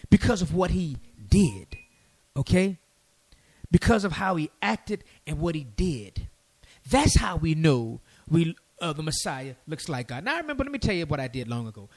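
A man hosting a call-in radio show and teaching from the Bible, animated, often repeating words to press a point. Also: a little high, normal speed. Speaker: radio call-in host and preacher.

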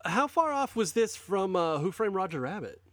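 Male co-host, expressive pitch, sarcastic and profane, dead-dry room. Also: normal speed, no echo. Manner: lively, sarcastic, swears freely. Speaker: podcast co-host. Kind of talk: casual movie chat.

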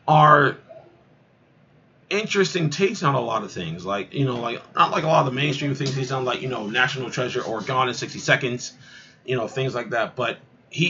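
A man's voice: medium pitch, sharp tone, muffled recording, a little hiss or hum. A man hosting a casual video, reading movie opinions aloud and reacting in a rambling way, full of fillers and repeated words.

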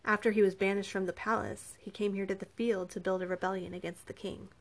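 A soft-spoken, persuasive prince who coaxes rather than commands, as a woman narrator puts him on. He speaks gently and patiently in a storybook reading, at a plain middle pitch. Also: flat delivery, fast talker, slight background noise, natural voice. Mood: calm, persuasive. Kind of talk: audiobook character reading.

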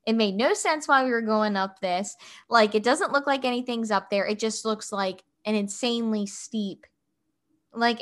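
A woman in her thirties, a mother, telling a family story in casual chat, filling her speech with "like" as she goes. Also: medium pitch. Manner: animated, fills speech with "like".

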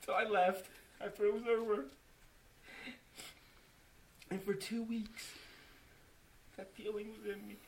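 Man sharing a church testimony, high voice, earnest and emotional, frequent restarts, acts out conversations. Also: little pitch movement, unhurried, creaky, pauses often, slight background noise. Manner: emotional, earnest, with many restarts and quoted dialogue. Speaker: church member giving testimony. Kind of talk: personal testimony to a church group.

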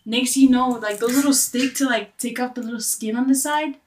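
A young woman, a guest on a chat show, telling a story in a casual, animated way, full of fillers and swearing. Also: on the high side, fairly quick, noisy background. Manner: animated, profane storytelling with lots of "like".

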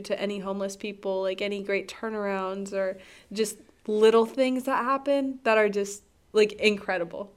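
A woman interviewing a guest, asking her question casually with many filler words. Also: medium pitch.

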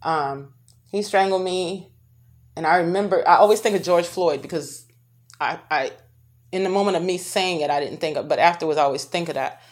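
A woman telling a painful personal story to her viewers, speaking haltingly with many restarts and pauses. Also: lowish voice. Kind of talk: personal testimony to camera.

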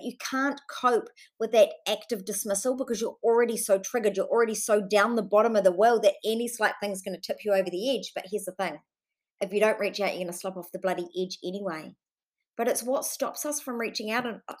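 A woman's voice: on the high side, brisk, darkish tone. Impassioned New Zealand woman podcasting solo. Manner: impassioned and earnest, swears freely, addresses listeners fondly. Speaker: podcast host.

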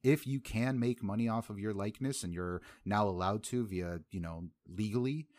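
A man's voice: fairly low pitch, normal speed, darkish tone. A man hosting a casual sports podcast, upbeat, often repeating words as he starts sentences. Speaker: podcast host.

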